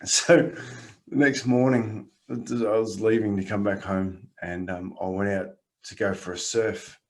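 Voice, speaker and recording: A man with an Australian accent and a fairly low voice talks as a coach in casual podcast conversation. His guidance is calm and encouraging, and his storytelling is lively and full of laughter. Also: measured pace.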